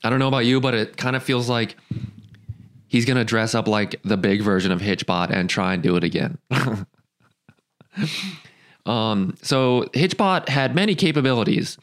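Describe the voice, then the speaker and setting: A male podcast host in casual chat, joking and swearing, laughing often and filling pauses with ums. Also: mid-range voice.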